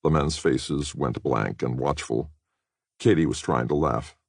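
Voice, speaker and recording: A man reading a spy novel as an audiobook narrator, measured and expressive. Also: rumbling low, creaky, husky, no room sound, studio quality. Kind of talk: scripted narration.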